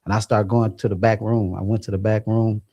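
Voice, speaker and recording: Animated laughing man telling a story. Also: fairly low pitch, fairly quick, muffled recording. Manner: animated, laughing, acts out quotes. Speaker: podcast co-host. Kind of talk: casual storytelling.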